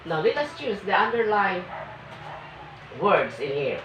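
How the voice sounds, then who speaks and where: Woman teacher, slow and lively in pitch, grammar lesson, recorded from afar in an echoey room. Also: noisy background. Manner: slow, emphatic reading of example sentences. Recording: echoey, muffled room from a distance.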